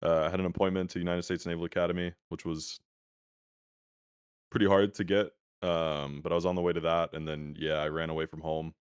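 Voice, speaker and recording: A young man speaks as an interview guest, easygoing and full of filler words. His voice sits very low and has a smooth, resonant tone. The sound is dry and comes over a video call that sometimes stutters. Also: brisk, no echo. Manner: relaxed, many filler words like "um" and "like". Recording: laggy internet call audio.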